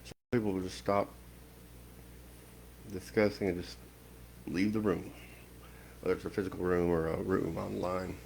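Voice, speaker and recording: A man with a very low, gravelly voice delivers a slow spiritual lecture. He speaks in a stern, measured way and leaves long pauses between phrases. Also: level tone, a little mellow, slight background noise, poor audio. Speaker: occult teacher.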